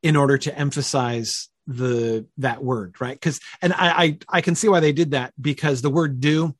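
A man teaching a Bible study in an easy, conversational way, often pausing with fillers and asking his listeners to confirm points. His voice is a little husky and sits at an ordinary middle pitch. The recording is dry and close. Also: dry recording. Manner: thinking aloud, many fillers and tag questions.

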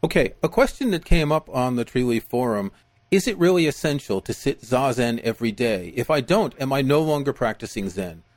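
Man, podcast host, casual, mid-pitched, dry close sound. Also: fairly quick, no echo. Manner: relaxed, prompting, small restarts. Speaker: podcast host reading listener questions. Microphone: video call.

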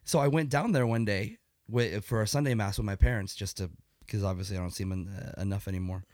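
A man co-hosting a podcast in casual chat, joking and quick to react. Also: on the low side, darkish tone, no room sound, clean studio sound. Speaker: podcast co-host.

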